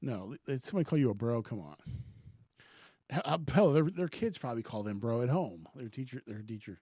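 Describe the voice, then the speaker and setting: A man's voice: medium pitch, animated, a little fast, mellow, slightly rough, no room sound, studio quality. A man co-hosting a casual podcast, laid back, swearing and laughing often. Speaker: podcast co-host.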